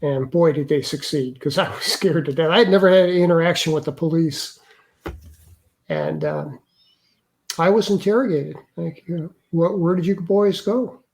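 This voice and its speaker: An older man, an interview guest, earnestly recounting a personal experience in a halting way with many restarts. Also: on the high side, gravelly. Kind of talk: personal storytelling.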